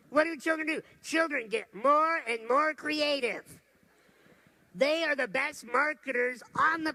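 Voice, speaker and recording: A man's voice: very high voice, creaky, bright, forceful tone. A man giving a motivational talk to a live audience, telling stories and putting questions to the crowd. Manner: storytelling, asks the audience questions. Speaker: motivational speaker.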